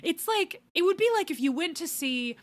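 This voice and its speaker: A woman's voice: very high-pitched, lively intonation, moderate pace, dry recording. A woman hosting a podcast in casual chat, tired, wry and rambling, with sighs and laughs. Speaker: podcast host.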